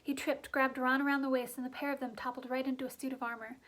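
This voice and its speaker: Brief: woman with a high voice, reading a story aloud briskly. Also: flat delivery, fairly bright tone, poor audio. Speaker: reader. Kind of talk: audiobook narration.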